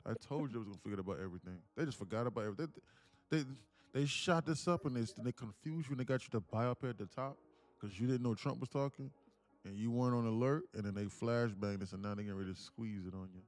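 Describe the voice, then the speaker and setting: A man hosting a day trading livestream, talking in loose, joking, slang-heavy banter with quick restarts. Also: mid-range voice, a little mellow. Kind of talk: casual livestream chat.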